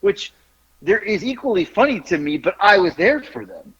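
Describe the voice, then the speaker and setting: A man's voice: lively intonation, moderate pace, a bit bright, muffled recording. A man co-hosting a podcast over a call, telling a funny story in casual chat and laughing through it. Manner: laughs through his own story, voice jumping high. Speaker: podcast co-host. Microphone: remote call.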